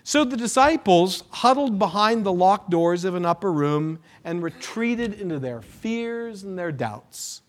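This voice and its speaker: A male pastor delivering a sermon in a high, very animated voice. He speaks slowly and deliberately, dropping to near hushes and then surging up for emphasis. His delivery is dramatic and heartfelt. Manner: dramatic preaching with sudden hushed drops and rises.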